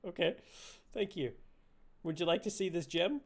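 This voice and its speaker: A man's voice: sits high, lively intonation, normal speed, a little hiss or hum. A man live-streaming a game, cracking silly jokes and laughing. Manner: joking, giggly, silly asides.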